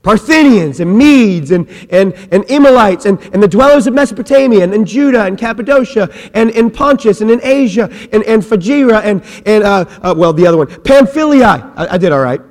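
Male pastor, high voice, lively joking sermon, church hall echo. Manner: animated, joking asides, many quick restarts. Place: church sanctuary. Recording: long hall reverb.

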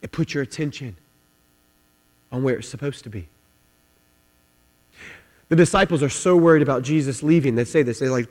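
A man preaching a sermon with passion, repeating his words and swinging between loud, driving lines and hushed ones. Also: mid-range voice, normal speed, long pauses. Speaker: pastor. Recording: long hall reverb, mains hum.

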